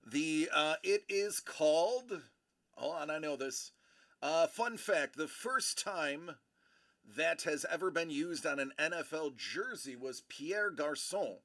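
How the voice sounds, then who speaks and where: Unhurried gravelly man hosting a stream. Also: on the high side, bright, forceful tone. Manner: rambling and playful, answers chat by name. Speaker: livestream host. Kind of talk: casual livestream chat.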